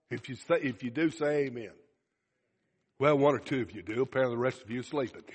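A man's voice: mid-range voice, fast talker, slightly rough. A man preaching a sermon to a congregation, asking them questions and acting out bits of dialogue. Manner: animated, acts out dialogue, asks the congregation questions. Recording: long hall reverb.

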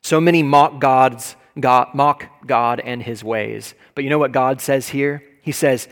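A man, a pastor, giving an emphatic sermon that climbs to loud bursts. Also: medium pitch, fairly even intonation, a little slow, hardly any pauses. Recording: long reverb of a large hall.

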